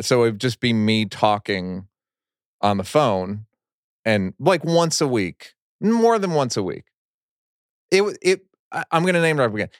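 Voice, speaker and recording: A middle-aged podcast host talks with a lively, swinging pitch, jumping into stories and quick joking asides. The sound is close and dry, with no room around him. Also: male voice, no echo. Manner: animated storyteller, jokey asides. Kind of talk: casual podcast conversation.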